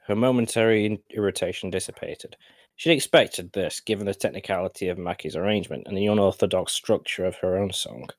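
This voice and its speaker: A man narrating a fan story in a live reading, steady and measured. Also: on the low side, no room sound.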